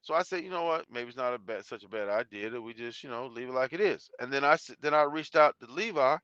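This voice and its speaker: Man, blunt and rambling, bright forceful voice, dull lo-fi dry sound. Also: medium pitch, animated, fast, clear, resonant tone, dry recording. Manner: blunt, profane, rambling with restarts. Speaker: YouTube channel host. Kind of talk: live stream talk reading chat.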